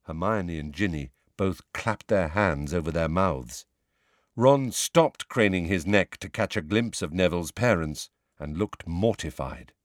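A man giving a measured, expressive audiobook narration. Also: sits low, dry recording, studio quality.

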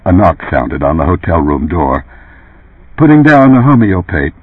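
A man narrating an audiobook with an expressive, varied delivery. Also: deep voice, normal speed, breathy edge, no room sound. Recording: tinny phone-like lo-fi sound.

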